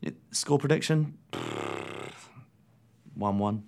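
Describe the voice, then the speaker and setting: A man co-hosting a sports chat, reading match listings and ad copy in a brisk, dry manner. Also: fairly low pitch, darkish tone, slight background noise. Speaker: podcast co-host.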